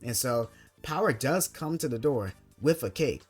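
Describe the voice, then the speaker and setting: A man's voice: mid-range voice, expressive, normal speed, breathy edge, soft background music. A young man recapping an anime plot in casual commentary, rambling with constant filler words. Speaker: anime video essayist.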